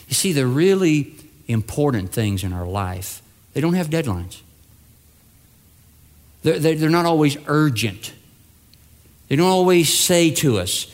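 A man's voice: fairly high pitch, big pitch swings, measured pace, pauses often. A male pastor preaching a sermon, telling stories and acting out the voices of the people in them. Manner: storytelling with acted-out voices, building to emphatic peaks.

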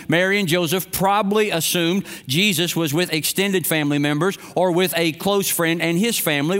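A man's voice: sits high, fairly bright tone, clean tone. A middle-aged male pastor giving a sermon and telling stories in a conversational way. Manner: storytelling, conversational preaching.

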